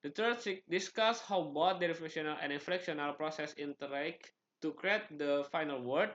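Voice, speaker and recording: A man's voice: on the high side, normal speed, fairly bright tone, dull audio. A man with an Indonesian accent, a student presenting, reading slide items in short clipped phrases with some restarts.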